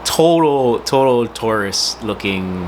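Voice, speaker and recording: A man's voice: lowish voice, lively intonation, slow pace, a little hiss or hum. A man hosting his own channel, telling a casual family-name story with lots of fillers and restarts. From United States. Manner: rambling, with many fillers and restarts. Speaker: host of a personal video channel.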